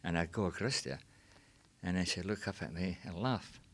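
Older scottish guy reminiscing, low voice, rambles on with lots of you know. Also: lively intonation, normal speed, a bit bright. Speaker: reminiscence group member. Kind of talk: casual storytelling.

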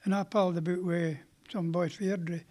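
A man's voice: high voice, little pitch movement, a little fast, a little mellow. An older man with a Scottish accent, a panel guest chatting modestly and rambling a little.

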